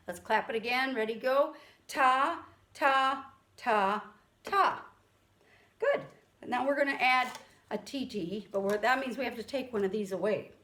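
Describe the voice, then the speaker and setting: A woman teaching a music lesson to children over a camera, chanting rhythm syllables. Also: on the high side. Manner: counts and chants rhythm syllables, slow and patient. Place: room with a keyboard. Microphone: camera mic.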